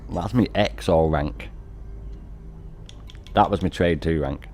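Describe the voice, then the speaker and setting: A man's voice: low-pitched, takes it slowly, long pauses, a little mellow. A middle-aged British man chatting casually on a game stream, swearing and laughing a lot. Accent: British English. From United Kingdom. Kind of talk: casual live-stream chat.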